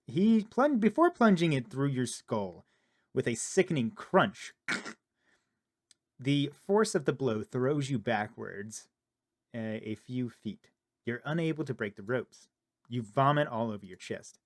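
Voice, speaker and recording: A man playing a horror game, reading the on-screen text aloud in a low murmur and reacting with loud, startled outbursts. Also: big pitch swings, a little slow. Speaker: gaming video creator. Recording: loud game music under the voice.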